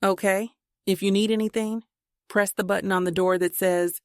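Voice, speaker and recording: A woman's voice: medium pitch, fairly even intonation, normal speed, no room sound, clean studio sound, natural voice. A woman reading a courteous male chauffeur. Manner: courteous, cheerful. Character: polite male limo driver from Boston.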